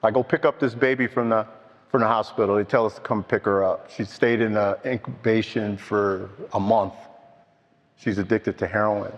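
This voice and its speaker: An older man telling his own story at a recovery meeting, slow and halting, heartfelt. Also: on the low side, fairly even intonation. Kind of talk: personal testimony. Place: meeting hall. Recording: dull, with long hall echo.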